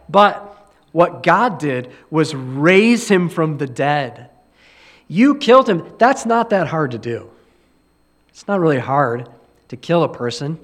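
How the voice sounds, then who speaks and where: A male pastor preaching a sermon, emphatic and repeating key phrases, now and then clearing his throat. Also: fairly high pitch.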